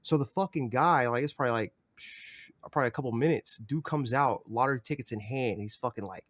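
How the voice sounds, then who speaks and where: A young man tells a story on a podcast in a loose, rambling way. He swears constantly and fills his speech with "like" and "you know". His medium-pitched voice sounds dry and close. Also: a little fast, no room sound. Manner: profane, rambling, filler-heavy. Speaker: podcast guest. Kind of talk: casual storytelling.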